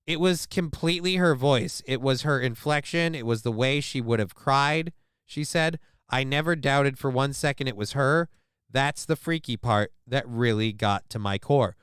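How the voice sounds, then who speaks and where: A man riffs through a news story in casual reaction commentary. His voice is smooth and crisp, recorded close and dry. His manner is crude and joking, full of swearing and rambling asides. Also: medium pitch, moderate pace, a bit bright, no echo. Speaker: stream host reacting to a news clip.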